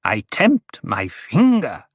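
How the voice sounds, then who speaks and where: A man voicing a wry, riddling male dwarf jester in an audiobook, speaking in punning, singsong riddles at an unhurried pace. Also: mid-range voice, huge pitch swings, husky, no echo, heavily acted. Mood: mocking.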